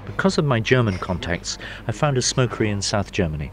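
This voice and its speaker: Middle-aged guy, smokery owner, chatty storyteller, a bit low-voiced. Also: brisk, noisy background. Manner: lively, chatty raconteur. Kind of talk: anecdotal storytelling.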